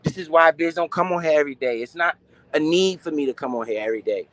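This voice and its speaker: A young adult man with a high-pitched voice talks in a casual, slangy live stream, swearing freely. He asks questions and answers them himself in an animated way. The sound is dry and close, with no room echo. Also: quick pace. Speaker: finance streamer.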